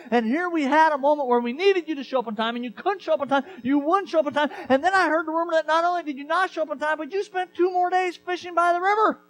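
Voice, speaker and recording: A man's voice: fairly bright tone, slight background noise, poor audio. A man voicing an exasperated grieving woman who nags and scolds a friend for arriving late. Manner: shrill, nagging rant.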